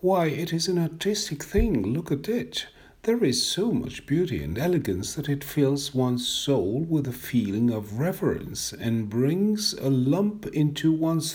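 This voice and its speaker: A man's voice: fairly high pitch, a little mellow, husky, voice pushed up, heavily acted. A man reading a story aloud, voicing an agitated young man who pleads with earnest, repetitive gushing. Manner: agitated, pleading, repeats himself.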